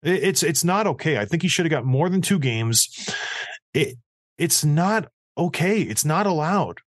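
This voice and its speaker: A man's voice: fairly high pitch, lively intonation, moderate pace, dry recording, clean studio sound. A man co-hosting a casual chat, blunt and emphatic with a mocking edge. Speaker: podcast co-host.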